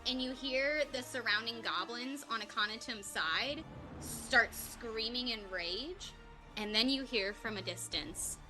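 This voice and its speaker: A woman narrating as game master of a tabletop game, upbeat, with quick asides and frequent laughs. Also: on the high side, over music.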